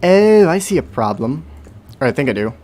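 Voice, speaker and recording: A man's voice: a little high, sing-song, normal speed, a little mellow, faint music behind. A young man chatting casually on a livestream while playing, rambling and talking to himself. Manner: rambling, self-talk with hums and sound effects. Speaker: streamer.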